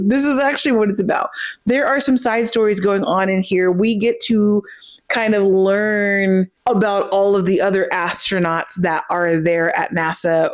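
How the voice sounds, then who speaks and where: A woman hosting a casual book review vlog, gushing and emotional, full of fillers and direct "okay?" asides to her viewers. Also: medium pitch. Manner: speeds up in rushes, then slows right down for emphasis.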